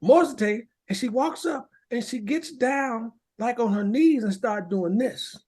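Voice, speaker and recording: A man's voice: extremely high pitch, moderate pace. A man co-hosting a podcast, telling a story in casual chat and acting out the voices of the people in it. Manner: animated storyteller, acts out voices. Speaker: podcast co-host.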